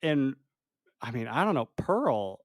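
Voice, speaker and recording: A young man chats about a film on a podcast, loose and joking and quick to laugh. His voice is mid-pitched, and the sound is close and dry. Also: very animated, dry recording. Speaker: podcast co-host. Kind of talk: casual movie review chat.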